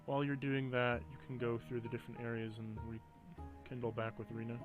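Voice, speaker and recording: A man's voice: mid-range voice, little pitch movement, fast, phone-quality sound, over music. Man explaining rules as game master. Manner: explanatory, hesitant with fillers. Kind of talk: narrating a tabletop game.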